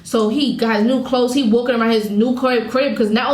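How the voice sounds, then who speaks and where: A woman's voice: on the high side, brisk, hardly any pauses. Venting woman vlogger in an echoey room. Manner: candid, venting, addresses viewers as y'all. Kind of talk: emotional storytime vlog.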